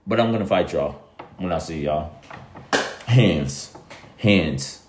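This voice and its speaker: A man's voice: low-pitched, unhurried, pauses often, a little mellow, slight background noise. A young man talking casually to his listeners, rambling and emphatic, repeating himself in slangy speech. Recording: echoey room.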